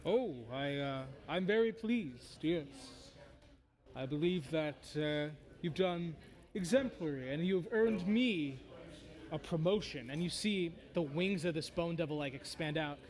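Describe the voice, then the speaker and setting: A man's voice: on the high side, animated, unhurried, darkish tone. A man voicing a sly, mock-polite bone devil who trades in contracts. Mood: smug. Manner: silky, mock-courteous.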